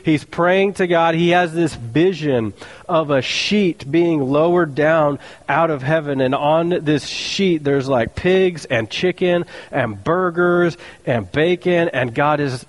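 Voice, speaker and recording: A man's voice: on the high side, takes it slowly. A man preaching a sermon as a pastor, telling the stories in a casual, joking way with slang.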